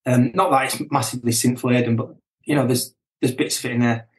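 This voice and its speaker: A middle-aged man and band member chatting casually as a guest, relaxed and chuckling, often restarting his sentences. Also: medium pitch, a little fast, reverberant. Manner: relaxed, chuckling, self-correcting. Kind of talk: casual chat.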